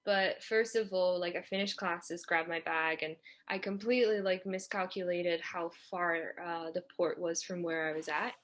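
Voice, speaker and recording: A woman's voice: on the low side, normal speed, hardly any pauses. A young woman, a guest on a podcast, telling a travel story in a chatty way and filling her talk with "like". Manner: chatty, fills speech with "like"; animated when retelling dialogue. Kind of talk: casual storytelling.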